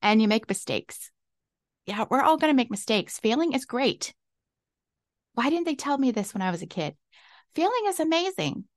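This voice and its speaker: A woman's voice: on the high side, sing-song, moderate pace, pauses often, no echo, studio quality. A woman hosting her own podcast, talking casually and exuberantly, laughing often. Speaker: podcast host. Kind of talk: casual solo podcast talk. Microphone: desk mic.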